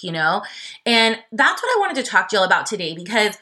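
Bright, chatty woman podcaster. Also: on the high side, brisk. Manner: chatty and expressive, filler-heavy, addresses listeners as y'all. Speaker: podcast host. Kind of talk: casual solo podcast storytelling.

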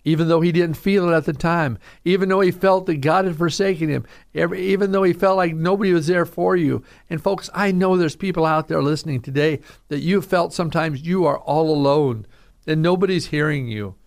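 A man's voice: a little high, fairly quick. A man who is a pastor, preaching an earnest radio sermon and speaking straight to listeners as folks.

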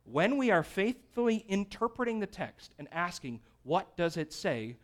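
A man teaching a Bible study class, energetic and often checking in with his listeners. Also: high-pitched, normal speed.

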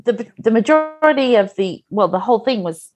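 A woman hosting a podcast interview who affirms her guest often with soft backchannels. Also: on the high side, animated, moderate pace, music in the background. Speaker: podcast host.

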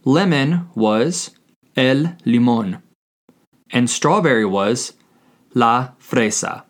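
A man teaching a scripted language lesson, speaking deliberately and spelling words out letter by letter. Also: medium pitch, lively intonation.

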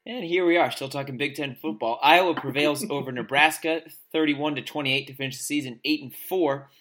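Male co-host, bright voice, wry and joking while reading recaps. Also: fairly high pitch, fairly quick. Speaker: podcast co-host. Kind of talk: casual sports podcast chat, reading score recaps.

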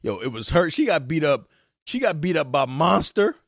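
Man, casual comedy co-host, loud profane banter, fairly high and lively. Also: moderate pace, gravelly, no room sound, studio quality. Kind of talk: casual comedic movie chat.

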